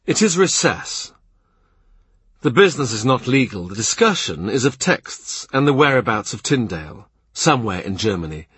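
A man narrating a literary audiobook in a measured, quiet way. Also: medium pitch, very animated, husky, no room sound. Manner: measured, quiet, present-tense reading.

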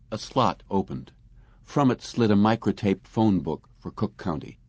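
A man reading a science fiction story aloud as narrator, in measured storytelling. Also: on the low side, sing-song, darkish tone, breathy edge, no echo. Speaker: audiobook narrator. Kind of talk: scripted narration.

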